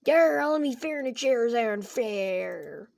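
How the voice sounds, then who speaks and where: A woman doing a loud, grumpy pirate fox. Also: on the high side, lively intonation, a little slow, vocal fry, pitched above the performer's own voice. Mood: indignant. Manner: pirate talk, loud and drawn out.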